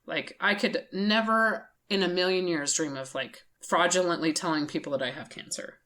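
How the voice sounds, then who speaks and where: A woman's voice: on the low side, normal speed, a bit bright. A woman co-hosting a podcast in casual chat, blunt and indignant, swearing freely. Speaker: podcast co-host.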